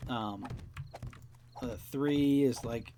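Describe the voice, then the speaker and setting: A man's voice: medium pitch, very slow, dark tone, slight background noise. Young male let's-player, loose rambling chat, heavy swearing, faint key clicks behind. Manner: rambling, swears often, acts out quoted dialogue. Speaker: let's play host. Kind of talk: casual rambling commentary while playing.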